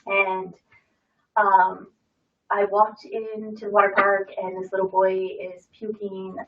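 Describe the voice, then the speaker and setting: A woman's voice: medium pitch, flat delivery, slow. Brief: woman in her 30s, rambling storyteller, distant and muffled sound. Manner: chatty storyteller, many fillers and restarts. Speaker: guest sharing a testimonial. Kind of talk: casual chat. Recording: muffled audio from far off the mic.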